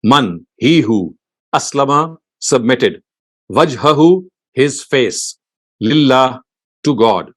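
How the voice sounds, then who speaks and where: Male lecturer, mid-range voice, deliberate word-by-word teaching with brisk recited verses. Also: mid-range voice, expressive. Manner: translating word by word, slow and deliberate; recites Arabic verses in quick chant. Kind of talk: word-by-word scripture lesson.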